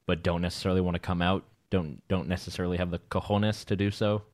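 A man hosting a talk radio show, chatting in a relaxed, jokey way and plugging the website between topics. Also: low voice, fast talker, no echo. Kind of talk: casual talk radio chat.

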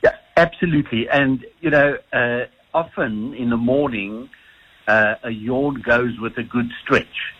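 A man's voice: medium pitch, a little slow, husky, lo-fi sound. A South African man, a sleep doctor, answering radio phone-in questions with many restarts and repeated words. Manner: hesitant, repeats words often.

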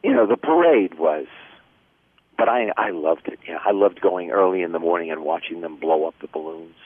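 A man's voice: low-pitched, expressive, fairly quick, slightly rough, dry recording. An older man chatting casually as a guest, telling stories and jokes. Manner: chatty, jokey storyteller. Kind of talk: casual chat. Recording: tinny phone line.

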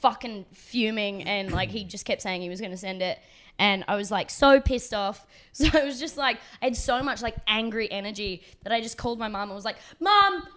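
A woman's voice: mid-range voice, steady tone, brisk, a bit bright. A woman comedian, a podcast guest, telling rambling, sweary stories in casual chat and laughing often.

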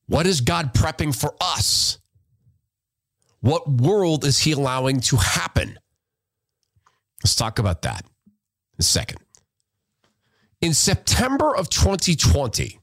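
A man's voice: a little high, a bit bright, no room sound. A man hosting a podcast, delivering a heated, emphatic and sarcastic commentary rant. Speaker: podcast host.

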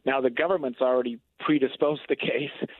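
A man who is a defense attorney, calling in as a guest and giving measured, explanatory answers. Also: medium pitch, fairly even intonation, slightly rough, no room sound. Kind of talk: phone-in interview. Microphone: phone. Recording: tinny phone line.

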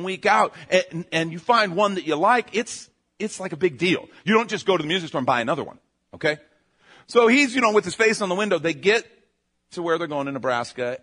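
A man preaching a conversational sermon. He tells stories in an animated way, restarts his phrases and keeps checking in with his listeners. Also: on the high side. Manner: self-interrupting, restarts phrases. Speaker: pastor.

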